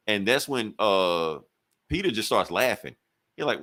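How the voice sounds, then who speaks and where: A low-voiced man talks through a comic book story in a loose, profane podcast chat. He jumps in and out of the characters' lines as he retells the plot. His delivery stays conversational and unscripted. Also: very animated, measured pace, fairly bright tone. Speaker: podcast co-host. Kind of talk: casual comic book recap.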